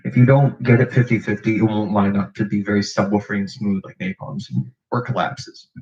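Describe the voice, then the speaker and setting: A man hosting a livestream vocal tutorial, explaining techniques with lots of fillers and pauses. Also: on the low side, steady tone, a little mellow. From United States. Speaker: beatbox channel host. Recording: dull lo-fi stream audio.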